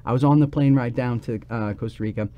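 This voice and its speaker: A man, a podcast guest, telling a personal story in lively fashion and acting out the voices he quotes. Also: medium pitch, fast talker, muffled recording.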